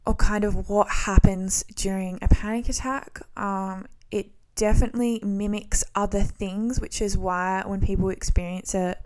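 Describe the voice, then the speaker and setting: A woman in her twenties hosting a solo podcast, talking casually in a relaxed, rambling way with frequent ums and restarts. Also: medium pitch, moderate pace, few pauses. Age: 20s. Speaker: podcast host.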